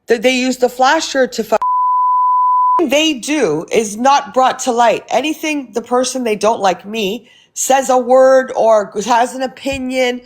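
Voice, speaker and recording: A woman speaks a bit higher than most, voice raised and combative as she rants to her livestream viewers. She swears freely and speaks straight into her phone. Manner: heated, profane, confrontational. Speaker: livestream host. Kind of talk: casual livestream rant.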